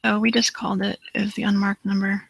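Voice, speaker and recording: A man's voice: high voice, little pitch movement, fast, gravelly, fairly bright tone, dry recording, low-quality recording. A man hosting a prank call show, chatting in a laid-back way and muttering to himself while dialing. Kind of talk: casual chat.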